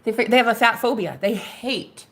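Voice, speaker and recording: A woman's voice: fairly high pitch, normal speed, a bit bright, slightly rough. A woman vlogger delivering a sassy, profane rant straight to camera, mocking her critics and laughing often. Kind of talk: ranting monologue to camera.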